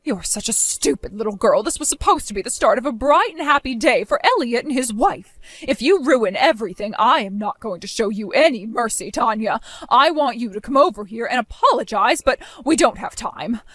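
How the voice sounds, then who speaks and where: A woman's voice: on the high side, expressive, brisk, fairly bright tone, no room sound. A woman voicing a cold, harsh middle-aged mother in an amateur voice drama, talking down with blunt commands. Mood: commanding.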